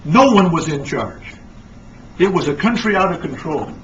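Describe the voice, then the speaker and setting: A man giving an animated, emphatic lecture talk, recorded on a distant, dull lo-fi mic with faint noise. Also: fairly high pitch, normal speed. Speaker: speaker.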